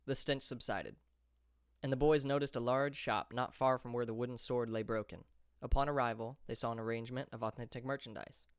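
A man reading a fantasy audiobook chapter as narrator, in a steady, measured way. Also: mid-range voice, smooth, dry recording, studio quality.

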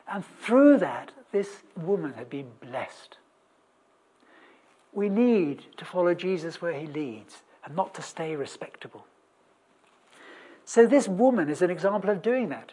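A preacher with a husky, breathy tone and a middle-range voice delivers a chatty sermon. The delivery is humorous, full of wry asides and questions to the congregation. It is punctuated by restarts and sudden loud bursts of emphasis. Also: mid-range voice. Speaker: preacher in a church service.

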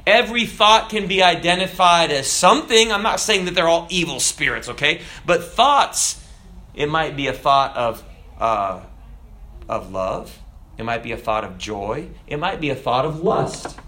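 A man preaches with plenty of animation, his voice sitting a little high for a man. His pitch and volume rise and fall as he acts out little voices. The sound carries a roomy echo. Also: expressive, normal speed, bright, forceful tone. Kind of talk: sermon.

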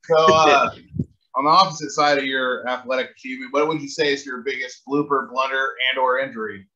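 Male co-host, friendly and relaxed, bright voice, mid pitch. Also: a little fast, muffled recording. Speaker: podcast co-host. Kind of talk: casual podcast chat.

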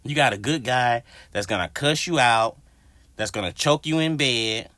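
In a casual solo rant on his podcast, this host swears freely and addresses listeners head-on with animated energy. His mid-range voice moves at a moderate pace, with no room sound.

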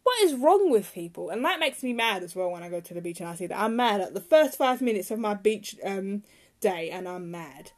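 A young woman hosts a casual podcast by herself, speaking in a mid-range voice with lively intonation and a fairly quick pace. She rambles chattily and gets heated whenever she launches into a rant.

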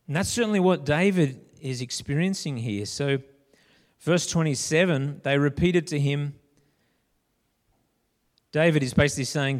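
Animated high-voiced preacher. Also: male voice, normal speed. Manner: animated, acts out Bible characters with slang. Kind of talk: sermon. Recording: long hall reverb.

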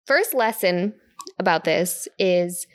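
A woman's voice: on the low side, lively intonation, takes it slowly, no room sound, studio quality. A woman co-hosting a podcast in casual chat, giggly and chatty, laughing often as she talks. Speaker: podcast co-host.

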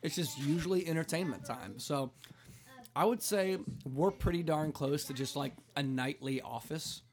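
Chatty man with a relaxed, filler-heavy way of talking. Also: on the high side, normal speed. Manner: relaxed, talkative, lots of "like" fillers. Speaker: pastor and podcast host. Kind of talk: casual chat.

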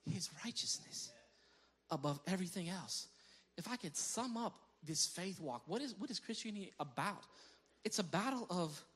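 Male pastor, fairly high, bright voice, loose conversational sermon, laughs at his own stories. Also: normal speed, husky. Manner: animated storyteller who breaks into laughter; repeats words as he restarts phrases.

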